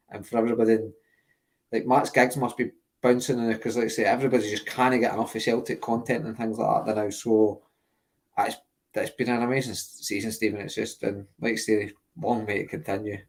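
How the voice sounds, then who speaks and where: A man's voice: fairly low pitch, darkish tone, rough recording. A man co-hosting a casual podcast chat, enthusiastic and repeating words for emphasis. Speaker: podcast co-host.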